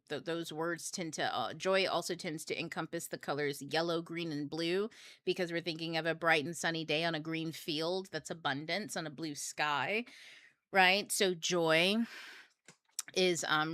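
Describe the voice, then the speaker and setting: A woman's voice: low voice, pushed and bright, no echo. A young adult woman hosting a book club, talking casually about astrology in a rambling, candid way, swearing freely. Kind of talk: casual livestream talk on astrology.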